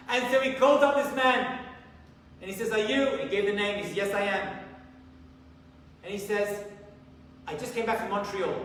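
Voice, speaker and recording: Animated rabbi preaching in an echoey hall. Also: male voice, high voice, moderate pace, long pauses, a little hiss or hum. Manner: animated storyteller, acts out dialogue. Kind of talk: sermon with storytelling. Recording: echoey hall from far off, faint ambience.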